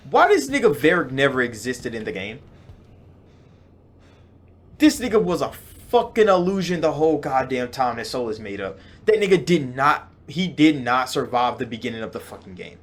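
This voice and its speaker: A young man with a medium-pitched voice hosts a gaming channel, reacting to a game casually and excitedly. He curses freely and swings between loud outbursts and slow, drawn-out emphasis.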